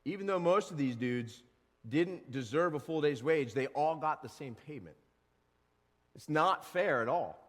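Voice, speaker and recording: A male pastor giving a casual, animated sermon and now and then acting out grumbling workers. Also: a little high, unhurried, in a large hall. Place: church sanctuary.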